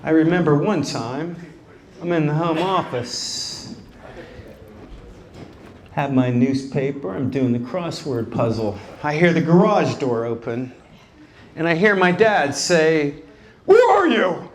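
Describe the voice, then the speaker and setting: A male stand-up comedian telling wry stories about his family with deadpan asides on a nightclub stage. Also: on the high side, slow, long pauses. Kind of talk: stand-up routine. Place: nightclub stage before a live audience. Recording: live club with audience laughter.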